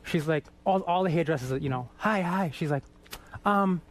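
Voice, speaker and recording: At a moderate pace and in a slightly high voice, a Boston man who's a guest singer spins anecdotes that poke fun at himself, swearing freely and performing the dialogue.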